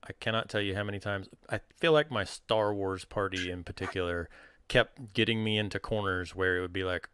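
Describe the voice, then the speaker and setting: A man who runs tabletop games, telling animated stories in casual chat. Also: low voice, brisk, clean tone, no room sound, clean studio sound. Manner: animated storytelling. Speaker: game master.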